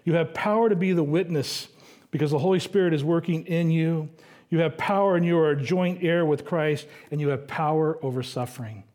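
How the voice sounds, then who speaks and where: A middle-aged male pastor giving a conversational sermon, slowing down to read scripture aloud. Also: a little high, a little mellow. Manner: conversational preaching, reads scripture slowly.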